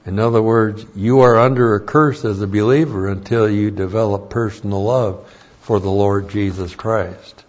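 A man teaching a Bible lesson as a sermon, slow and deliberate, repeating key phrases for emphasis. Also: on the low side, steady tone. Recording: dull lo-fi recording.

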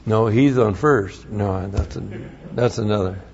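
A man's voice: on the low side, unhurried, vocal fry, a little mellow, dull audio. A man teaching a sermon, studying Hebrew words, who repeats key phrases and spells out letters with emphasis. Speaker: Bible teacher.

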